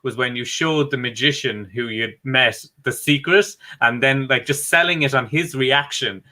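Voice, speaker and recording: A man's voice: mid-range voice, moderate pace, bright, forceful tone. A man co-hosting a podcast interview, chatting in an easygoing way. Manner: easygoing, brief encouraging interjections. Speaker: podcast co-host. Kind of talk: casual interview chat.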